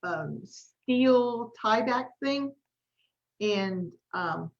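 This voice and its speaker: A woman's voice: on the high side, lively intonation, drawn-out words, dull audio. A woman, hosting a coaching talk and chatting through a story in a casual, friendly way. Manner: chatty, storytelling, says y'all. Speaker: life coach and host. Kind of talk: casual live-stream talk.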